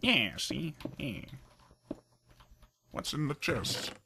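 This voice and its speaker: A man's voice: mid-range voice, big pitch swings, background noise. A man putting on an old-school mafioso tough guy. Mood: taunting. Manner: needling, drawn-out taunts. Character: old-school male mafioso, sly and taunting.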